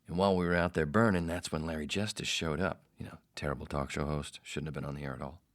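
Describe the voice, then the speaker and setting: A man's voice: very deep voice, steady tone, quick pace. A man hosting a podcast, telling a rambling, profane story in a casual way. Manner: rambling, profane, self-interrupting. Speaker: podcast host.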